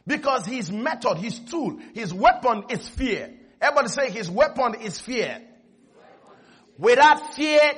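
A man preaching a lively sermon as pastor, emphatic, calling on the congregation to answer, and acting out voices. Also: very high-pitched, husky. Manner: emphatic, calls for responses, acts out quotes.

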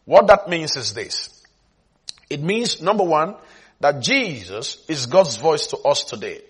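A man's voice: a little high, very animated, unhurried, slightly rough. A man preaching a sermon at a Bible school, emphatic, repeating phrases and often asking whether the listeners follow.

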